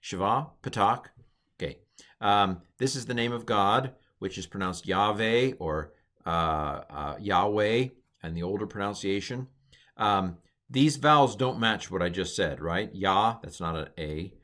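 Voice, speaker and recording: Relaxed man teaching with many ums. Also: low-pitched, measured pace. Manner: relaxed, rambling, self-correcting, many ums. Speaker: Hebrew teacher. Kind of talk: informal recorded lecture.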